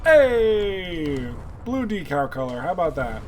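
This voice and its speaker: A man's voice: fairly high pitch, measured pace, soft background music. Chatty young man streaming gameplay. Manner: chatty, talks to chat viewers by name. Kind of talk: casual live gameplay commentary.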